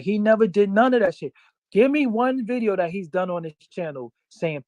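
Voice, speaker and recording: A man talks in an interview, boastful and emphatic, with a lot of profanity. His voice sits a little high, and the sound is dry and close. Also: sing-song, a little fast, darkish tone, no room sound. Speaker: interview guest.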